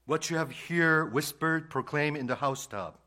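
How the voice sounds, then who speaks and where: Man preaching, loud peaks and whispers. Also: on the high side, normal speed. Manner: swings between loud emphatic lines and hushed whispers; repeats key phrases for emphasis. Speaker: pastor. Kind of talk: sermon.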